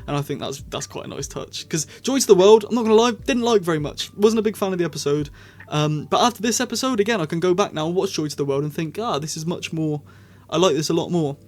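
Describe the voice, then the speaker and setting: A man giving a casual spoken review, rambling and excitable, often correcting himself mid-sentence. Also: high-pitched, fast. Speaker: video reviewer.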